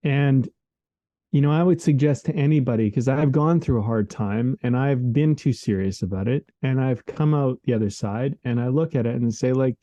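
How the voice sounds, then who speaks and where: A podcast co-host with a mellow, mid-range voice talks at normal speed, with no echo, over a remote call microphone. His casual, reflective conversation is earnest and rambling, peppered with "like" and "man."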